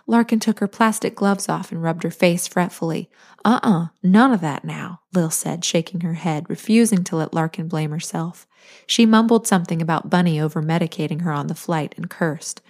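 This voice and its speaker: A woman reads her own novel aloud, steady and measured in her storytelling. Her voice sits a little low for a woman, calm and even as she carries the scenes. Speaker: author and podcast host.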